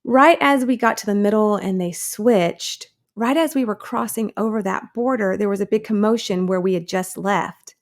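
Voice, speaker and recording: A woman's voice: mid-range voice, moderate pace, hardly any pauses. A woman in her thirties, a guest in an interview, telling her own story earnestly and acting out the people she quotes. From United States.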